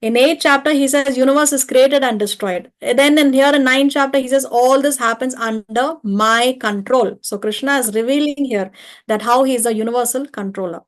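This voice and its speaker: A woman leading an online scripture study class, explaining step by step and often pausing to check with listeners. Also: high-pitched. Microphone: video call or home mic.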